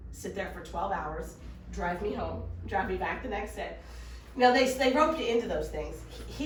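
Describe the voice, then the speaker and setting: A middle-aged woman, a mindset coach, telling a story in a lively, fast way to a live workshop audience. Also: mid-range voice, slight background noise. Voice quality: animated, fast storytelling with laughs. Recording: echoey room, voice from far off.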